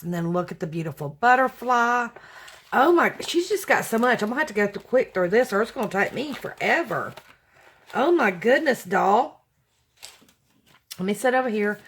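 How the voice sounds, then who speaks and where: A craft vlogger unboxes her mail on camera, chatting casually to viewers in a mid-range, slightly bright voice. She gushes, exclaims, and thanks people as she opens each package.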